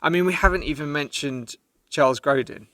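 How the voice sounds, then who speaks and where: A man's voice: a little high, brisk, a bit bright, no room sound. A man co-hosting a podcast, chatting enthusiastically about a film he loves. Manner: enthusiastic, gushing praise. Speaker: podcast co-host. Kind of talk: casual film review chat.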